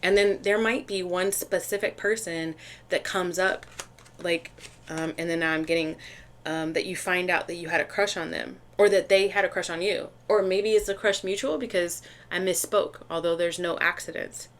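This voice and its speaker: Chatty, excitable woman reading tarot. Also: fairly low pitch, moderate pace. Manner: chatty, excitable, with many restarts and fillers. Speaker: tarot reader. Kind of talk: casual tarot reading to camera.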